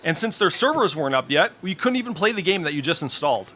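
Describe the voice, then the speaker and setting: A man's voice: a little high, sing-song, quick pace, sharp tone, slight background noise. A middle-aged man streaming in casual voice chat, ranting with heavy profanity and strong opinions.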